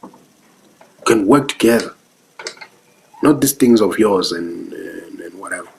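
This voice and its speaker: A man's voice: sits low, animated, measured pace, vocal fry, poor audio. A young South African man with a South African accent giving casual live-stream commentary, earnest and preachy, who keeps asking whether you understand. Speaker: vlogger.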